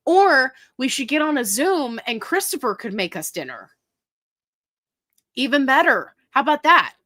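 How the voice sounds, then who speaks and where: A woman's voice: high-pitched, sing-song, a little slow, sharp tone, dry recording. Chatty woman hosting a livestream. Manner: chatty, laughs often, talks straight to viewers. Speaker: host of a livestream. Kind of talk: casual live chat answering viewer questions.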